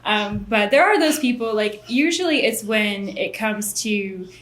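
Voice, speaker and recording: A woman's voice: mid-range voice, measured pace. Young woman guest, echoey room. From Côte d'Ivoire. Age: young adult. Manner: animated storyteller, laughs often. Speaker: missionary guest. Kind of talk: casual interview chat.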